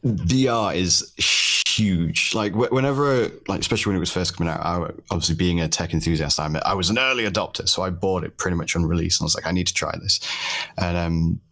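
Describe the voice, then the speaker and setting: A young British man chatting casually as a podcast guest, telling lively stories with frequent laughs and casual swearing. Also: low voice, quick pace. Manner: animated storyteller, laughs often, swears casually. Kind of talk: casual conversation.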